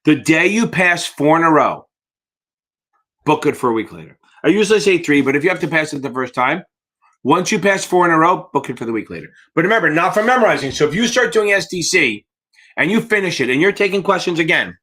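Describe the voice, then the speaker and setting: A man with a fairly high, fairly bright voice and big pitch swings talks a little fast. In casual live Q&A stream teaching, he preps students for securities exams bluntly and profanely, yawns from tiredness, and calls viewers baby.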